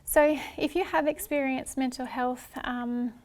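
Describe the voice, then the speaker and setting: A woman presenting a workshop talk in a gentle, hesitant way, with many ums and restarts. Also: high-pitched, fairly even intonation, measured pace. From Australia.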